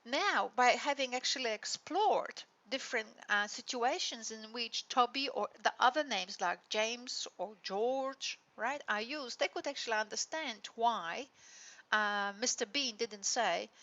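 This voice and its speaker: A woman's voice: a little high, measured pace, sharp tone, dull audio. A woman lecturer explaining a teaching model in a recorded lecture, often checking in with tag questions. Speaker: university lecturer.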